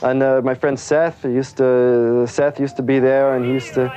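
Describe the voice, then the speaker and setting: A man, a comedian, answering interview questions in a soft-spoken, meandering way, with many fillers. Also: medium pitch, little pitch movement, unhurried, smooth.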